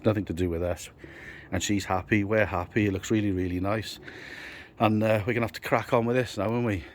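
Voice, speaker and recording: A British builder and landscaper with a lowish voice hosts a casual outdoor vlog from a garden building site, filming on a phone camera he holds himself. He chats to the camera and teases his workmate, with slight background noise.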